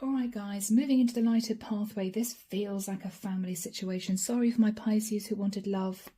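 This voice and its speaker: A woman giving a channeled tarot reading in a hoarse, raspy voice that is fading, speaking softly with whispered asides. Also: mid-range voice, steady tone, moderate pace. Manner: soft-spoken with whispered asides. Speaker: tarot card reader.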